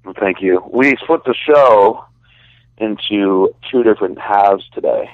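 A man calls in to a podcast and wanders through his stories, pausing often to find the next word. His lowish voice arrives thin and tinny over a phone line, completely dry with no room around it. He sounds a little drained and low on energy. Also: no echo. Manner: rambling, hesitant storyteller. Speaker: podcast co-host. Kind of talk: casual chat.

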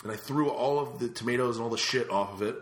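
A man hosting a casual talk show, telling stories in a lively way and raising his voice when he acts out what he said. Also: mid-range voice, fast talker. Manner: animated, raises voice when quoting himself. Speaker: show host answering viewer questions. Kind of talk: casual storytelling chat. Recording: echoey room.

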